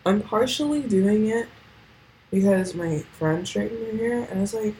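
A woman's voice: medium pitch, normal speed, dark tone, slight background noise, low-quality recording. A teenage girl hosting a casual solo podcast, rambling with lots of fillers and swearing. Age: teens. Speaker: podcast host.

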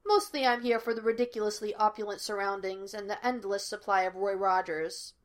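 A woman reading the lines of a cocky, quick-witted young male detective in a fan fiction podfic. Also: medium pitch, steady tone, natural voice. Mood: teasing. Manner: breezy and teasing.

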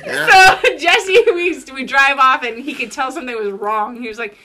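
A young adult woman, telling a story in casual chat, animated and profane, laughing through her words. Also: high voice, moderate pace, hardly any pauses, background noise.

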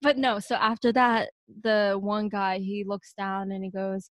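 Animated young woman telling stories. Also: mid-range voice, measured pace, no echo. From Pennsylvania, USA. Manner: animated storyteller who acts out what people said. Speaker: podcast guest. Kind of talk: casual chat.

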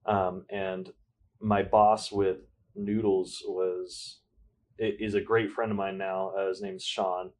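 A young man as a podcast guest, chatting casually in a relaxed, rambling way with dry sarcastic asides. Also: low-pitched, slow. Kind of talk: casual interview chat.

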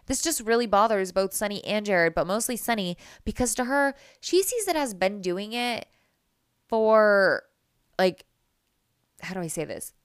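A woman's voice: mid-range voice, lively intonation, unhurried, clean tone, dry recording, clean studio sound. Nasal woman recapping reality TV. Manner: chatty, opinionated, trails off with fillers. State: nasal from a cold. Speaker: podcast host.

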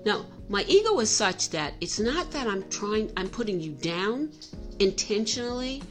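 A woman's voice: medium pitch, big pitch swings, moderate pace, faint music behind. A middle-aged woman telling a personal story in a candid, self-reflective way, often restarting her sentences.

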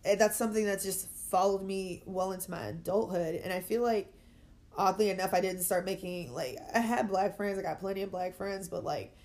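A young adult woman chatting casually as a podcast guest, talkative and quick to laugh. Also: mid-range voice, a little mellow. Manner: chatty, laughs easily, many fillers. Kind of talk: casual chat.

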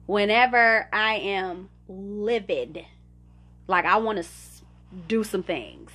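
A young American woman hosts a podcast in a medium-pitched, sharp-toned voice, speaking a little slowly. She talks candidly and conversationally about her life, reflecting on it and laughing now and then.

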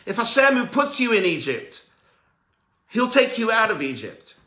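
A man giving an emphatic sermon-style teaching talk as a religious speaker and coach, swinging between loud urging and quiet earnest tones. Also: sits high, very animated, moderate pace, roomy sound.

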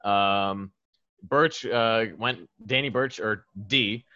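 A man's voice: on the low side, takes it slowly, bright, forceful tone, dry recording. A man co-hosting a podcast, rambling through a casual wrestling recap with lots of ums and chuckles. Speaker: podcast co-host. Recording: dull lo-fi mic.

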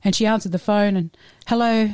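Mellow-voiced woman telling stories. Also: on the low side, a little fast, no room sound, clean studio sound. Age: adult. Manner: animated, laughing storyteller. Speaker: podcast guest. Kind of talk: casual storytelling.

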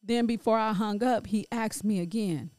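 A middle-aged grieving woman speaking in a halting, emotional personal monologue full of restarts. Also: mid-range voice, a little mellow, dry recording. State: grief-stricken. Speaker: grieving mother sharing her story.

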